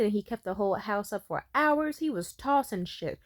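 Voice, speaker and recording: A woman in her twenties tells a story on her vlog in a casual, blunt style and swears freely. Her voice sits at an ordinary pitch for a woman. The recording is dry and close, with no room sound. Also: normal speed, hardly any pauses, dry recording. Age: 20s. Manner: blunt, profane, animated. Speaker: vlogger.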